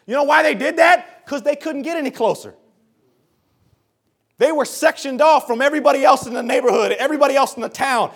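A man preaching a sermon to a congregation, dropping to a hush and rising to shouts, repeating phrases for emphasis. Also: very high voice, brisk.

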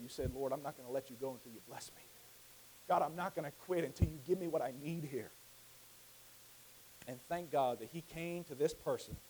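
High-voiced man preaching a fiery sermon. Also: a little hiss or hum, poor audio. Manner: swings from quiet teaching to loud impassioned shouting; repetitive, emphatic preaching cadence.

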